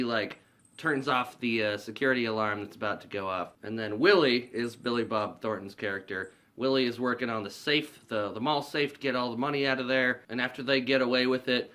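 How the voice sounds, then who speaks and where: A man's voice: medium pitch, pushed and bright. A man casually recapping a movie in a rambling way, swearing a lot and filling his sentences with "like". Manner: rambling, profane, heavy use of "like". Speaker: movie reviewer.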